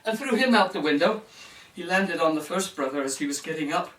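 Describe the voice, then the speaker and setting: A man's voice: a little high, fairly quick. A man telling a fairy tale to children, acting out the characters and speaking to his listeners as he goes. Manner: animated, shifting into character voices and addressing the audience. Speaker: storyteller. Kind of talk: storytelling for children. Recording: roomy sound from a distance.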